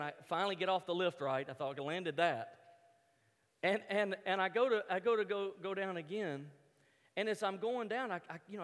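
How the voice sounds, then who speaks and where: A man telling a humorous personal story to an audience, animated, stumbling over repeated words and acting out his own thoughts. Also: very high-pitched, in a large hall.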